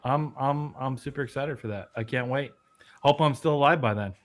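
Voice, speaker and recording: A man co-hosting a casual gaming podcast from a remote line that sounds choppy and robotic, delivering dry, deadpan jokes. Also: medium pitch, moderate pace. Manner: deadpan joking, dry sarcasm. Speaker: podcast co-host. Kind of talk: casual chat about video games.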